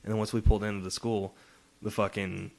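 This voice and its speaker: A man's voice: lowish voice, level tone, brisk, vocal fry, a little mellow. A young man, a guest comedian, telling stories in casual podcast chat, rambling with lots of fillers and swearing freely. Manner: loose, rambling storytelling full of fillers and swearing.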